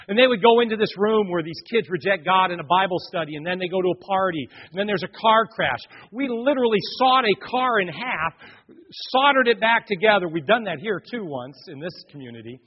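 A male pastor preaching a sermon with husky, dramatic storytelling that swings between loud bursts and hushed passages. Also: a little high. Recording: echoey hall, dull lo-fi sound.

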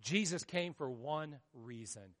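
A male pastor preaching a sermon, swinging from hushed storytelling to loud, dramatic outbursts. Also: medium pitch, animated, takes it slowly, long reverb tail.

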